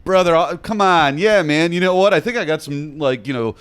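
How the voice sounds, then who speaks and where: A man telling a story in casual chat, animated and swearing as he acts out both sides of it. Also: a little high, a little fast, clear, resonant tone. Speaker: podcast guest.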